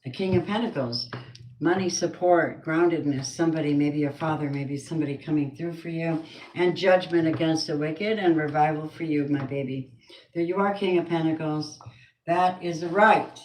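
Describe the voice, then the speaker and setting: A woman's voice: deep voice, moderate pace, a little mellow, echoey room, a little hiss or hum, low-quality recording. A woman giving a spoken tarot reading with prayers, blunt and earthy, muttering asides to herself. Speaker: tarot card reader.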